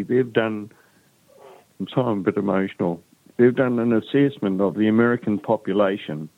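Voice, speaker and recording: A man's voice: fairly low pitch, no echo. New man on a phone line. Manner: earnest, urgent. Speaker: interview guest. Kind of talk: phone-in interview. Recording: dry tinny phone line.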